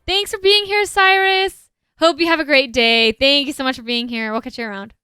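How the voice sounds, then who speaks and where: High-voiced woman streaming a game. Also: normal speed, pushed and bright, dry recording, clean studio sound, faint music behind. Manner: chatty, thinking aloud, greeting viewers. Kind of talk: casual gameplay commentary.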